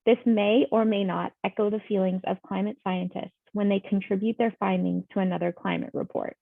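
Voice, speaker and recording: Woman reading stage directions, measured, gravelly fry, tinny phone-like dry sound. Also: mid-range voice, little pitch movement, dry recording. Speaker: play reader.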